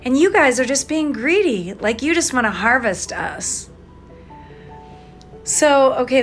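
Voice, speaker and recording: A woman hosting a podcast, rambling through tangents as she processes her thoughts out loud into her phone. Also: fairly high pitch. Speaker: podcast host and online English tutor. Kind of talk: rambling spoken-aloud voice memo. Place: home, Minnesota.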